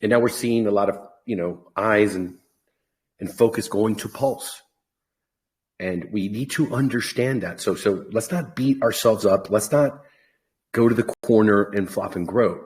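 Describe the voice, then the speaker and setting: A man with a lowish voice hosts a podcast over a video call. He chats casually, joking and encouraging his listeners. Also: measured pace, darkish tone. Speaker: podcast host. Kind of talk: casual chat.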